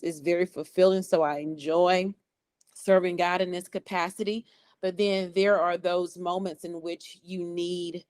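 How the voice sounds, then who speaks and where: A pastor's wife speaking on a video call, measured, earnest and thankful. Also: female voice, lowish voice, dry recording.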